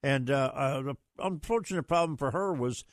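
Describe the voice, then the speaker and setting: Booming, dry-voiced talk radio host. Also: male voice, normal speed, no room sound. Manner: booming, theatrical announcer delivery with shouted flourishes.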